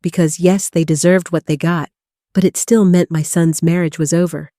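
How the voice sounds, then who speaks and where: An older woman tells a first-person story in an even, unbroken flow, joining clause after clause with "and". Her voice sits low and mellow. The sound is close and dry. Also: moderate pace, no echo. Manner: even, long chains of clauses joined by "and". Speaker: narrator.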